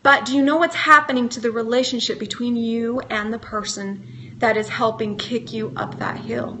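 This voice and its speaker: With a high, bright voice and a steady, clear, lifted tone, a middle-aged motivational speaker talks live to her viewers at a moderate pace. She coaches earnestly and keeps posing questions, with slight background noise audible.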